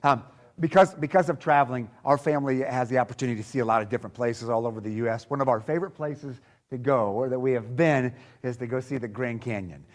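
A man's voice: medium pitch, fast talker. A middle-aged man preaching a sermon, reading scripture steadily and then talking conversationally with his congregation. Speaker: pastor. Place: church service before a live congregation.

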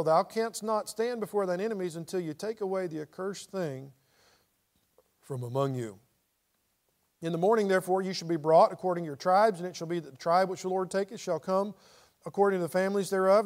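A man's voice: high-pitched, a little mellow. A middle-aged man teaching a Bible study in a conversational way, reading scripture aloud with dramatic inflection.

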